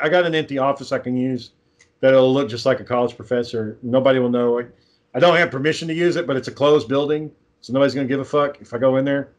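Rambling, profane man pitching a film. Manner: rambling, profane, acts out quoted lines. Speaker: amateur filmmaker pitching a script. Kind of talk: casual chat.

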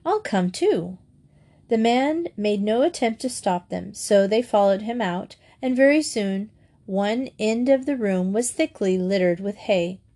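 A woman narrating a storybook aloud in a clear, even storytelling manner. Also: medium pitch. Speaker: audiobook narrator. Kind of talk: storybook reading.

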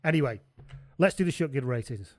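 A man co-hosting a rugby podcast, telling stories in a casual, animated, laughing way and swearing freely. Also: mid-range voice, brisk. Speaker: podcast co-host. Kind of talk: casual chat, comic storytelling.

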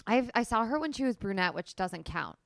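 A woman's voice: on the high side, animated, a little fast, creaky, no echo, clean studio sound. Gushing, teasing woman co-host. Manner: gushing, teasing, prompts stories. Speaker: podcast co-host. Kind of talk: casual chat.

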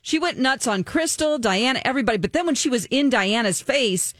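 A woman's voice: fairly high pitch, animated, fairly quick, no room sound, studio quality. A woman co-hosting a podcast, chatting casually and gossiping about a reality show, rambling with restarts. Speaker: podcast co-host.

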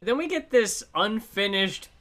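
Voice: mid-range voice, animated, measured pace, a bit bright. A podcast co-host in a casual album review chat, mostly giving short reactions and brief remarks.

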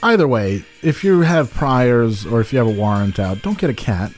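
A man's voice: medium pitch, animated, normal speed, soft background music. A man co-hosting a comedy podcast, reading personal ads aloud with profanity and mock drama. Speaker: podcast co-host.

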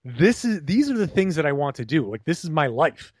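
A man's voice: fairly high pitch, very animated, a little fast, darkish tone, no room sound. A young man from Rhode Island with a trained, neutral broadcast voice, chatting animatedly in a podcast interview, often restarting his sentences. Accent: neutral General American, trained. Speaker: guest, broadcaster and blogger.

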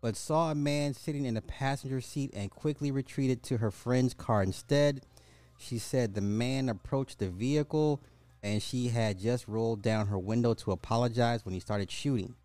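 A man's voice: medium pitch, normal speed, mellow, dry recording, soft background music. A man hosting a podcast, reading a news story aloud and breaking off for sarcastic, casual asides. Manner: sarcastic, jokey, reads articles aloud with asides. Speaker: podcast host.

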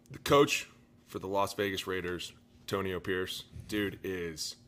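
A man co-hosting a football podcast in casual, animated chat, swearing freely and saying "dude" a lot. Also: on the low side. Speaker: podcast co-host, former lineman.

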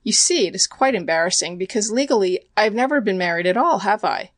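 A woman voicing a meek, embarrassed young countess who talks in a gentle, artless, sighing way, in a dry recording. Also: medium pitch, expressive, fast talker, dry recording, lightly acted.

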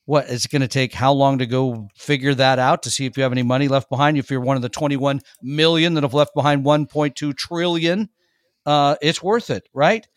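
A man's voice: mid-range voice, fairly even intonation, brisk, dry recording, clean studio sound. A man co-hosting a radio money show in a casual, emphatic, chatty way, laughing easily. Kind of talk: casual money-advice talk.

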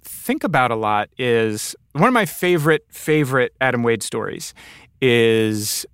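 Male host, thoughtful interviewer, smooth tone, dry close mic. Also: mid-range voice, expressive, measured pace, a bit bright, dry recording. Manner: thoughtful, retells guest's stories. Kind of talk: casual interview.

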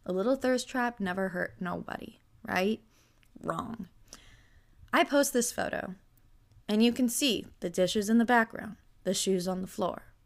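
A young woman hosting a podcast, telling a story in a casual, animated way with lots of "like" and incredulous asides. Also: mid-range voice, unhurried, gravelly. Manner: animated, incredulous, heavy use of "like". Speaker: podcast host.

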